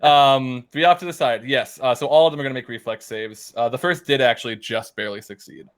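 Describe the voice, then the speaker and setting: A man's voice: medium pitch, brisk. Hesitant man playing a tabletop game. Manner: hesitant, lots of ums while deciding. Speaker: player. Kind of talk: casual tabletop game talk.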